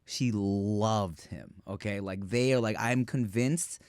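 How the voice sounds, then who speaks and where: A man's voice: lowish voice, steady tone, slow, a little mellow, clean tone, no echo, clean studio sound. A man co-hosting a podcast, telling a family story in casual chat, laughing often and swearing freely. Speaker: podcast co-host; father of a young daughter.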